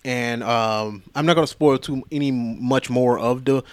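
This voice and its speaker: A man's voice: mid-range voice, a little slow, clear, resonant tone, dry recording. A man hosting a podcast, retelling a movie in a casual, profane, rambling way. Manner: profane, rambling, animated retelling with quoted voices. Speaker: podcast host.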